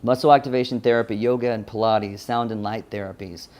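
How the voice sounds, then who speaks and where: A man's voice: on the low side, fairly even intonation, a little fast, a little mellow. A man from Louisiana with a Southern twang, giving a personal story talk, earnest and often restarting himself. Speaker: speaker.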